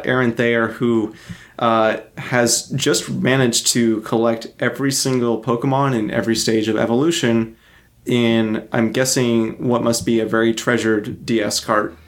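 Male podcast host, mid-pitched, loose and joking, casual chat with fillers. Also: steady tone, measured pace.

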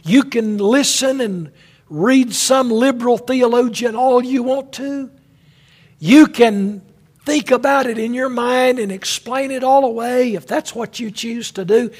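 Brief: male preacher, husky and high, slow emphatic sermon delivery. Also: darkish tone. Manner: dramatic, emphatic, addressing listeners as friend.

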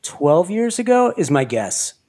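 A man hosting an interview podcast, talking in an animated way and laughing often. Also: high voice, unhurried. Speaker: podcast host. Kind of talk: conversational interview.

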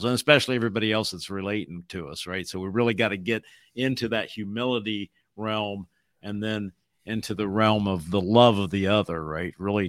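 Give me a low-voiced man in casual podcast chat, recorded dry. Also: a bit bright, no echo. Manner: reflective, often ends points with "right?". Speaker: podcast co-host. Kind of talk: casual conversation.

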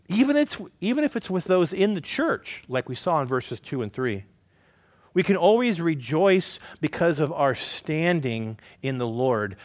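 A pastor delivers a conversational sermon, posing rhetorical questions to his listeners and swinging between emphatic rises and quiet, low asides. There is no room sound.

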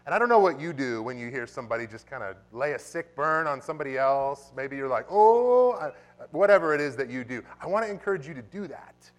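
Animated male pastor preaching. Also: medium pitch, fast, few pauses. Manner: animated preaching, bursts into loud exclamations. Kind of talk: sermon. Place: church sanctuary.

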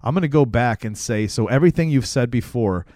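A man's voice: medium pitch, lively intonation, fairly quick, warm tone, no room sound, clean studio sound. A man co-hosting a podcast in casual chat, repeating himself and restarting as he explains. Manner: stammering restarts while explaining. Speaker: podcast co-host.

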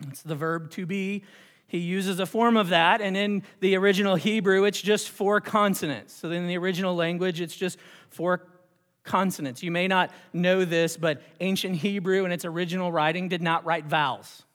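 A pastor preaching a sermon in a church, moving between hushed whispers and rising, repeated phrases. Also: medium pitch, fairly even intonation, normal speed. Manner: dramatic, with hushed whispered passages and rising repetitions. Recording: long hall reverb.

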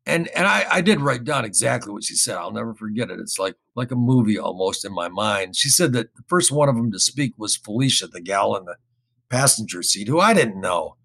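Man with a raspy, gravelly voice, telling a story in a rambling, casual way. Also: lowish voice, brisk. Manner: rambling, repeats words, animated when quoting others. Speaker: guest recounting an experience.

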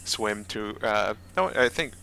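A man with a bright, forceful voice fumbles through his plans for his character, stopping and starting again and again. His pitch is in the middle range for a man. Faint background noise sits behind him. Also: animated, measured pace, rough recording. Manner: rambling, hesitant, full of restarts. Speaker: player. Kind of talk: casual tabletop play.

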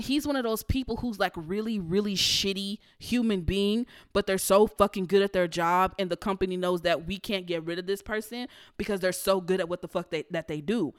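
A young woman hosting a podcast, ranting about work in a blunt and heavily profane way. Her voice sits in a middle register and stays animated as she tells her stories. The recording is dry and close, with no room sound. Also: medium pitch, normal speed, clean tone, no room sound. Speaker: podcast host. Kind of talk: casual storytelling rant.

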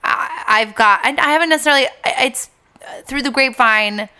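Woman, teacher guest, podcast chat; bright voice pitched a touch high, earnest and hedging. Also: a little fast, clean tone. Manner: earnest, thinks aloud with hedges.

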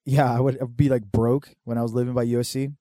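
A mellow, warm-toned man in his forties spins loose, profane anecdotes, laughing and jumping between tangents. The sound is close and dry, with no room around it. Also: medium pitch, flat delivery, no echo. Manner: swearing freely, laughing, quick tangents. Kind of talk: casual storytelling chat.

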